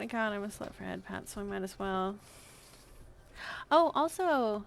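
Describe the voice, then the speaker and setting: A woman's voice: medium pitch, moderate pace, creaky. A woman streamer chatting casually while she draws, playful and self-amused. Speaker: art streamer. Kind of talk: casual chat while drawing.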